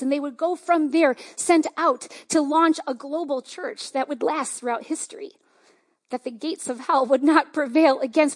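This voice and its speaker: Woman pastor, high-pitched, conversational sermon, enthusiastic, lots of fillers.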